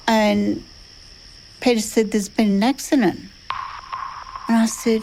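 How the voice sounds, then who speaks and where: A woman in her sixties recounting a traumatic night in an interview, halting and reliving the events as she quotes what others said. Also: medium pitch, a little mellow, slight background noise, low-quality recording. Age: 60s. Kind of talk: recounting a personal ordeal in an interview.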